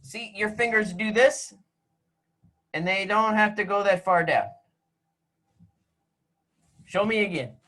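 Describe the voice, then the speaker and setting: A man's voice: high voice, takes it slowly, long pauses, bright, forceful tone. Playful male music teacher on a video call. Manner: playful, teasing, joking with young students. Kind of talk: online class instruction. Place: home room on a video call.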